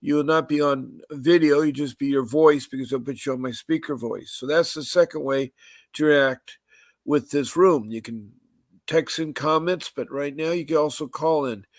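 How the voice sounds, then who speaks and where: Here a male podcast host, his voice a little high, works haltingly through housekeeping notes during a live-streamed episode. Fillers pile up as he starts over and goes back over details at a slow pace, all captured in a dry recording.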